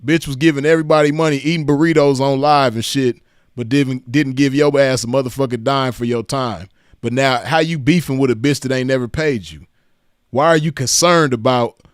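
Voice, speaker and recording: Smooth-voiced mocking male commentator. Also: mid-range voice, moderate pace, no echo, clean studio sound. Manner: mocking, profane, breaks into laughter. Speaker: commentator reacting to clips. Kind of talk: profane reaction commentary.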